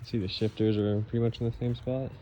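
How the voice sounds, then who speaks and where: Laid-back young guy, lowish voice, faint garage noise behind, casual build vlog. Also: level tone, fast talker, mellow, muffled recording. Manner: laid-back, chatty, uses car slang. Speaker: car builder vlogger. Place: car garage workshop.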